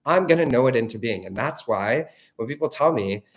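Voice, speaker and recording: A man's voice: medium pitch, expressive, a little fast. A man giving a direct-to-camera motivational talk as a relationship coach, blunt, profane and emphatic, often checking in with "okay?".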